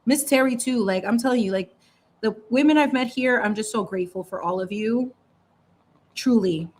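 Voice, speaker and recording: A woman's voice: fairly high pitch, normal speed, darkish tone. A young adult woman hosting a live painting stream, chatting casually and expressively while she paints, often laughing and stretching out her words. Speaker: painting livestream host.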